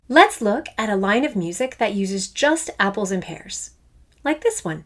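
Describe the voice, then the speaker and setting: A woman's voice: mid-range voice, sing-song, moderate pace, very noisy. A middle-aged woman music teacher from Canada, giving a playful, upbeat online lesson for children. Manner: enthusiastic, playful, speaks to children.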